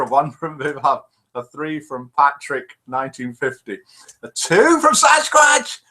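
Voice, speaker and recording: A British man hosting a live online show, chattily reading out viewer comments and telling cheeky jokes in a small home studio. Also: fairly bright tone. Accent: British English. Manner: cheeky, playful joke-telling with wide pitch swings.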